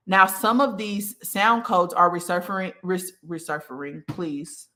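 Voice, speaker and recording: A woman's voice: fairly low pitch, fairly bright tone. A woman giving a casual spiritual talk, addressing her listeners directly and often checking in with "okay". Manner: conversational, many fillers like okay and like. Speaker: spiritual teacher.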